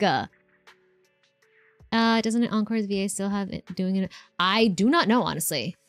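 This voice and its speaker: A woman's voice: medium pitch, normal speed, long pauses, dry recording, soft background music. Chatty woman streaming a game. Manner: chatty, rambling, answers chat, lots of fillers. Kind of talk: casual live-stream chat over gameplay.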